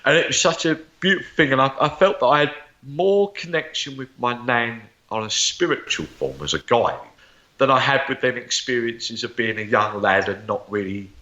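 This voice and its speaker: A man's voice: mid-range voice, moderate pace, bright, forceful tone, muffled recording. A man, a psychic medium, telling stories from his life in an interview, rambling and repeating words as he goes. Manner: rambling, repeats words, acts out remembered dialogue. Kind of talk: interview storytelling.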